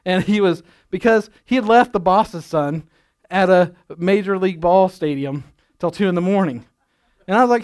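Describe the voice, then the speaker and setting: A man's voice: high-pitched, moderate pace, a little mellow, smooth. A middle-aged male pastor giving a sermon in a folksy, storytelling way, chuckling at his own jokes.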